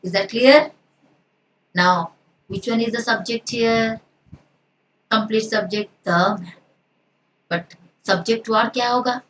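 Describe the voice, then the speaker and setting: Indian woman teacher, high voice, a step back from the mic in an echoey room, quizzes and answers herself. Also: sharp tone, distant mic. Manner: asks and answers own questions, mixes in Hindi. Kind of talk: grammar lesson.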